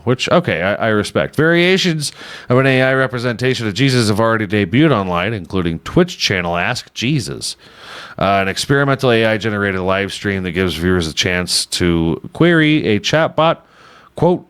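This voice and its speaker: Male podcast host, casual comedic riffing, irreverent and profane, very animated pitch. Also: moderate pace, smooth. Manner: irreverent, swears often, laughs at own jokes.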